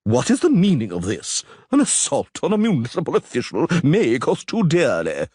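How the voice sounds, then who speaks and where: A skinny, pompous town official crowing and shrieking for the guard, as a man puts him on. His pitch flies all over the place, and the voice is husky and dry in a close reading. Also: wildly swooping pitch, moderate pace, dry recording. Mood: indignant. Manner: crowing, shrill shouting.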